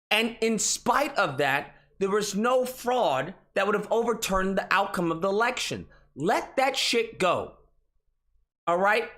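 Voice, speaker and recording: A man's voice: high-pitched, bright, forceful tone. A young man hosting an online commentary show, ranting in a casual, exasperated and profane way. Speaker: political commentary host.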